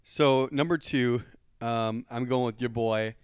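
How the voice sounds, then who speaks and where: A man's voice: mid-range voice, steady tone, takes it slowly, clear, resonant tone, no room sound, studio quality. A man co-hosting a podcast in easygoing casual chat, agreeable and full of fillers. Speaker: podcast co-host.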